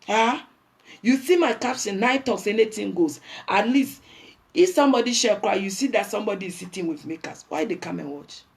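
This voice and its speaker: A woman's voice: mid-range voice, creaky. A woman with a Ghanaian accent, hosting a livestream and delivering a blunt, preachy rant that scolds her viewers. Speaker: livestream host.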